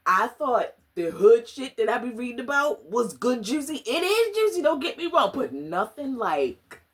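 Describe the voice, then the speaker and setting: A woman chatting casually in a book review vlog, animated and slangy, dramatic and often laughing. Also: fairly high pitch, normal speed. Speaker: book vlogger.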